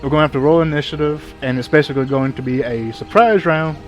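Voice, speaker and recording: A man running a tabletop game as game master, who explains the rules patiently and in a relaxed way. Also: fairly high pitch, fast talker, soft background music.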